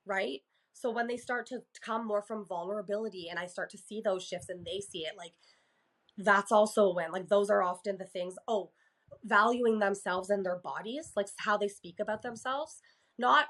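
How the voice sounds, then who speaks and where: A woman's voice: mid-range voice, steady tone, normal speed, fairly bright tone. A woman from Canada, a therapist and podcast guest, talking candidly in casual conversation, swearing freely and acting out exchanges with her clients.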